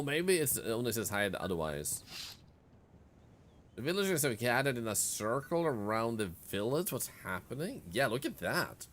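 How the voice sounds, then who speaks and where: A man's voice: medium pitch, a bit bright, slight background noise. Chatty man streaming a game. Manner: chatty, reads game text aloud and reacts. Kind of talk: casual let's-play commentary.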